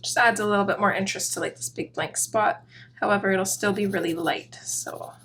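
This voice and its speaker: A woman hosting a coloring tutorial, talking through each step in a relaxed, chatty way with soft, self-deprecating asides. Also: medium pitch, brisk, a little hiss or hum.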